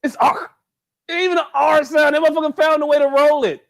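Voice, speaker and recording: A high-voiced man cracking jokes and swearing through a loose podcast chat, his delivery bouncing and excitable. He sounds a bit tipsy as he keeps breaking into laughter. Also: fast, gravelly. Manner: profane, animated, laughs a lot, repeats "hey, look". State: a bit drunk. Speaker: podcast co-host. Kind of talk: casual comedic chat.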